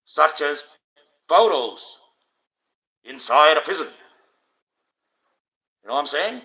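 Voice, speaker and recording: A bright-toned Australian man rants on his livestream, blunt and profane, his voice pushed forward with a sharp edge. The stream audio is dull and lo-fi, as if heard through a cheap home microphone. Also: fairly high pitch, animated, slow, long pauses. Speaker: livestream host. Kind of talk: ranting livestream monologue.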